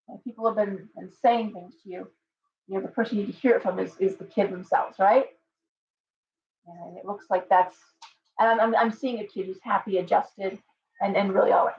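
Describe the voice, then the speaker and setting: A middle-aged woman does a casual, meandering tarot reading on a live stream, her mid-range voice steady, fairly quick and creaky. She's full of fillers and restarts, and the audio is muffled because she sits away from the mic.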